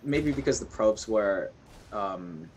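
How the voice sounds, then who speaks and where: A man's voice: fairly low pitch, animated, slow pace, a little hiss or hum. A man co-commentating a game tournament casually, chatty and analytical. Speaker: tournament co-caster.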